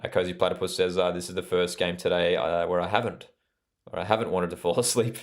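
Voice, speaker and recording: Young Australian male host, casual live match commentary, lowish pitch, chatty with fillers. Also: little pitch movement, fast. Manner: chatty, reads out live chat, frequent fillers. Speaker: watchalong host.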